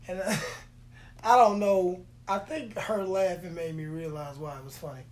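A Texan vlogger delivers a casual, rambling storytelling monologue, profane and jokey, laughing often between lines. The voice is mid-range with fairly even intonation and a moderate pace, recorded in an echoey room with a faint hum.

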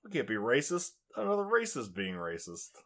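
A man's voice: medium pitch, huge pitch swings, moderate pace, a bit bright. A man co-hosting a podcast, reacting to a TV episode in casual chat with dry, sarcastic, blunt remarks. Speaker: podcast co-host.

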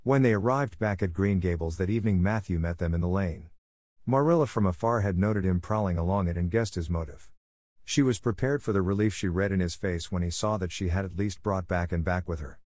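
A male audiobook narrator reading in a steady, even way. His voice sits on the low side, and the close mic gives a dry sound with no room echo. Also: brisk. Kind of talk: scripted narration.

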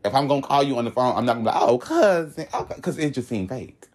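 A young man from Florida telling a story in casual chat, animated and laughing as he goes. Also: rapid-fire. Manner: animated and laughing, swoops high when excited. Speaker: guest telling his story.

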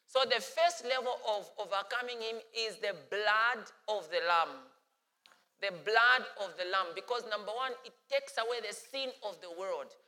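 A man preaching a sermon as pastor, animated and playful. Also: high-pitched, moderate pace, long reverb tail.

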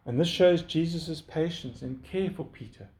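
A man preaching a sermon in an earnest, pleading way that lifts in pitch when he urges his listeners. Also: moderate pace, darkish tone.

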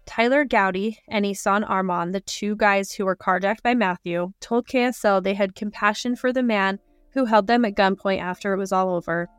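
A woman co-hosting a true crime podcast, reading case details in a sombre, even way. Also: medium pitch, normal speed, smooth, dry recording, clean studio sound, soft background music. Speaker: podcast co-host.

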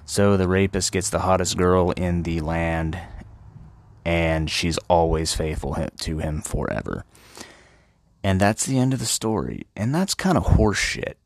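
A man's voice: low voice, expressive, a little slow, vocal fry, no room sound. A man retelling classic literature as crude comedy, profane and slangy. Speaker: host.

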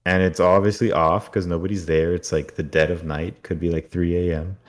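A man co-hosting a podcast, recapping an episode in casual, animated chat. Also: sits low, a little fast. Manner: animated storytelling, puts on silly voices. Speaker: podcast co-host.

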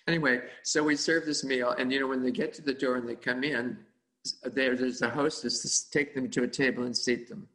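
A man telling a casual story about volunteer cooking, halting and full of fillers and self-corrections. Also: mid-range voice, steady tone, a bit bright, poor audio. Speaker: volunteer cook.

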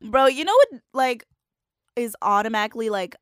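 A woman's voice: on the high side, normal speed, clear, resonant tone, dry recording, clean studio sound. A woman co-hosting a casual podcast, talking bluntly with lots of swearing. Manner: blunt, profane, animated storytelling. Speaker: podcast co-host. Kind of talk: casual chat.

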